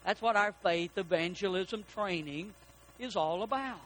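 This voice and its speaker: A man preaching a sermon in a church, folksy and animated, asking his congregation questions. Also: sits high, measured pace. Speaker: pastor. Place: church sanctuary.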